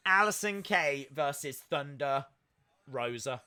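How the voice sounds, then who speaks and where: Man, high bright voice, unhurried, joking watch-along host who erupts into shouts. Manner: excitable, jokey, bursts into shouts. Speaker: live stream host. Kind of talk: wrestling watch-along commentary.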